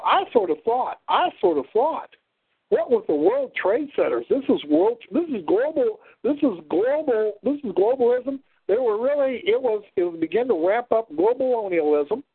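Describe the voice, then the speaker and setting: A man with a fairly high voice, rambling through a long story and restarting often. The sound is dry and narrow, as if heard over a phone line. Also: slightly rough, no room sound. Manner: rambling, with many fillers and restarts. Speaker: show host. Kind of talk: rambling monologue.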